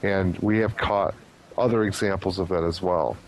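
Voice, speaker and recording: A man's voice: low-pitched, steady tone, moderate pace, a little hiss or hum, rough recording. A man being interviewed as a paranormal investigator, explaining his theories in an earnest, speculative way. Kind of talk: casual podcast interview.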